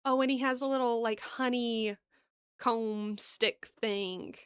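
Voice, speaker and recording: A bubbly woman with a Southern US accent chats to her viewers as she opens cards, gasping and gushing over the cute ones. Her voice sits a little high, and she laughs softly as she thinks aloud. It sounds close and dry, with almost no room sound. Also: steady tone, unhurried, clean tone, no room sound. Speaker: card-opening channel host. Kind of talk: casual chat to viewers.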